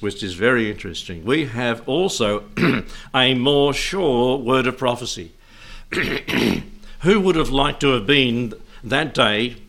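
A man preaches a sermon, reading scripture aloud in old-fashioned wording and earnestly exhorting his listeners. His voice is medium-pitched and a bit bright.

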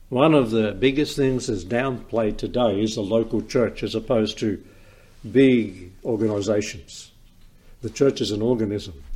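A man's voice: mid-range voice, darkish tone. A man giving an informal sermon, talking through the sections of a Bible in a conversational way, often repeating words and restarting. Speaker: preacher.

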